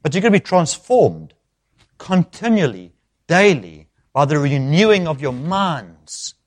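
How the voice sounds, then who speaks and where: Animated male preacher with a lively voice. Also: fairly high pitch, unhurried. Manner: animated, acts out quoted speech with sudden loud bursts. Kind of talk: expository sermon.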